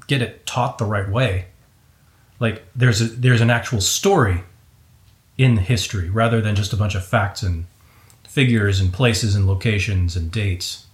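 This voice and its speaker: A man hosting a relaxed interview, friendly and agreeable, often chiming in with short replies. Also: on the low side, unhurried, roomy sound. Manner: affable, chatty, agreeable interjections. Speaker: interview host. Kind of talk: casual conversational interview.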